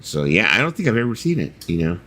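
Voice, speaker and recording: A man's voice: on the low side, very animated, fast talker, pushed and bright. A man co-hosting a casual chat among friends, playful and rambling, often restarting his sentences. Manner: playful, often restarts and fills in with "you know".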